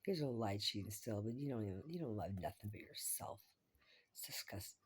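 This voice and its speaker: A woman's voice: very deep voice, expressive, normal speed, breathy edge. A woman vlogging in a rambling, profane monologue, often dropping to a whisper.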